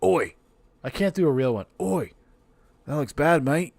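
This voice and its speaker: A man's voice: medium pitch, very animated, fast, dark tone, no echo. A man putting on a clumsy, mocking English accent to play a crude, scornful English bloke.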